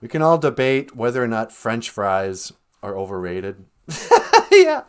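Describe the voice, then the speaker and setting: Animated, jokey man hosting a live stream. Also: medium pitch, a little slow, clear, resonant tone. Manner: rambling and jokey, laughs often, acts out quoted lines. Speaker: live stream podcast host. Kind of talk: casual live-stream chat.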